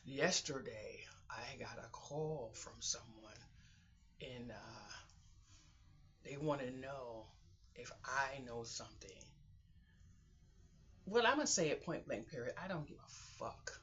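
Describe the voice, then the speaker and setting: A woman's voice: very deep voice, animated, takes it slowly, long pauses, a bit bright. A middle-aged woman vlogging from her craft room at home, talking in a rambling, heartfelt way and sometimes dropping to a whisper. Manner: chatty, heartfelt, drops to whispers. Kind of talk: rambling personal vlog talk. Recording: dull lo-fi sound.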